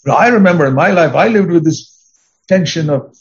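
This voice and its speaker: A man's voice: a little high, normal speed. An older man preaching a sermon in an earnest, emphatic way, weaving in personal stories. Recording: dull lo-fi recording.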